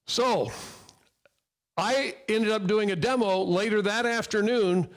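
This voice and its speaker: Middle-aged male speaker, high-pitched, lively anecdotal delivery on workplace safety. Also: slow pace. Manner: animated storyteller who acts out dialogue. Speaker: fall protection equipment speaker. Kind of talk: personal story told to an audience.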